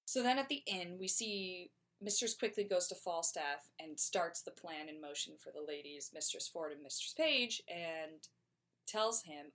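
A woman recapping a plot in an animated, chatty way, with "like" scattered throughout. Her voice sits on the low side for a woman. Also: measured pace. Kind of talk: casual plot summary.

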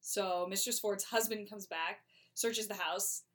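A woman giving a casual plot summary, chatty and animated, with lots of "like". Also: medium pitch, a little slow.

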